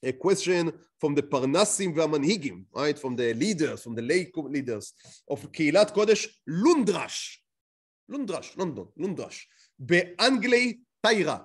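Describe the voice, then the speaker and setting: Animated man teaching with rhetorical questions. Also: fairly high pitch, quick pace, slightly rough. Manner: explains with rhetorical questions, frequent restarts. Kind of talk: lecture to a class.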